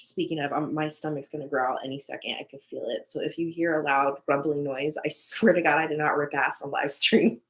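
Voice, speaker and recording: A woman's voice: sits low, steady tone, a little fast, few pauses. A young woman hosting a casual live stream, talking candidly with frequent swearing and laughter and tossing in Spanish words. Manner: chatty, candid, swears freely, laughs often. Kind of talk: casual live stream chat about manifesting.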